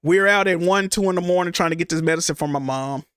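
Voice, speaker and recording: A man's voice: on the high side, fast talker, fairly bright tone, clean tone, no room sound, clean studio sound. A man streaming, telling a personal story in a rambling, casual way, restarting and repeating himself and swearing freely.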